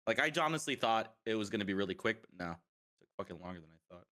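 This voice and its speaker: Giggly, bright-voiced male co-host. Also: lowish voice, expressive, quick pace. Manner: giggly, laughs often, loose and chatty. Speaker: podcast co-host. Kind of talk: casual chat.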